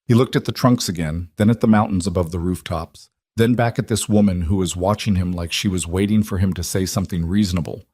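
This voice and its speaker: Low-voiced male storyteller, dry sound. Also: fairly quick, few pauses, darkish tone, no echo. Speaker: narrator. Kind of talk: scripted story narration.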